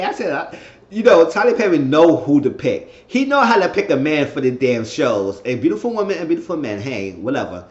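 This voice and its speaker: Animated man recapping a TV episode. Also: fairly high pitch, a little fast. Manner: animated storytelling, acting out quotes. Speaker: TV show recap vlogger. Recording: echoey room, dull lo-fi sound.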